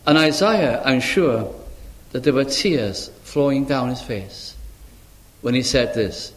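An older man preaching a sermon in an earnest, pleading way, asking rhetorical questions and rising into sudden high exclamations. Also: wildly swooping pitch, measured pace, echoey room. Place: church.

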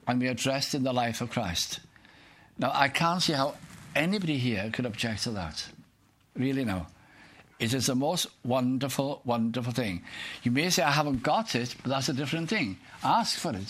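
A man's voice: medium pitch, pushed and bright. An older man preaching a sermon, earnestly putting direct questions to his congregation.

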